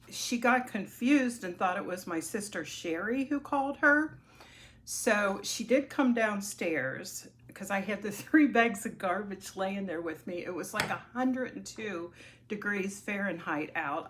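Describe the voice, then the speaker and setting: A woman's voice: medium pitch, fairly bright tone. A middle-aged woman telling a personal story on her crafting vlog, chatty and rambling with frequent ums and restarts. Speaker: crafting vlogger.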